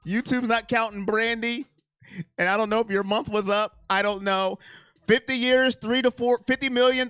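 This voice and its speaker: Man, sports livestream host, casual rambling chat, emotional, smooth clear voice, dry close sound. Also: high-pitched, fairly bright tone, dry recording. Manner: emotional, rambling, thanks donors by name.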